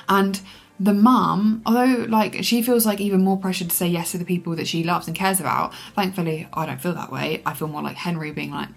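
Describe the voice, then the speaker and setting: A woman chatting casually in a reading vlog, expressive and swearing freely as she reacts to her book. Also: medium pitch. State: teary from crying. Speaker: booktuber.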